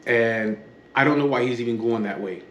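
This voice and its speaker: A man tells a story from his own past in a blunt, foul-mouthed way, with a voice that sits at an ordinary middle pitch. The room sounds roomy and echoey, with a faint hum of ambience behind him. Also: brisk, a bit bright. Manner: blunt and profane, acts out the dialogue. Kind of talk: casual spoken storytelling.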